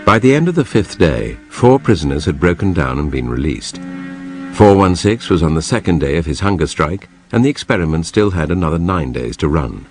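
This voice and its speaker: A man's voice: deep voice, big pitch swings, brisk, music in the background. A man giving scripted documentary narration.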